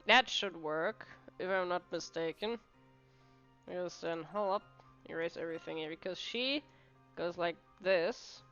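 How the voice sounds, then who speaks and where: A woman's voice: fairly low pitch, unhurried, a bit bright. A woman streaming a puzzle game, muttering her moves aloud and swearing at mistakes. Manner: mutters while solving puzzles, swears, laughs often. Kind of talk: casual game commentary. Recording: dull lo-fi mic with game music.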